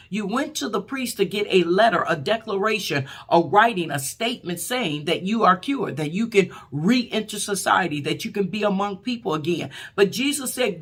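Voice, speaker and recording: A woman preacher giving a short, fervent sermon in a colloquial way, with many fillers and loud cries when she quotes prayers. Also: medium pitch, husky. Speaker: apostle, preacher.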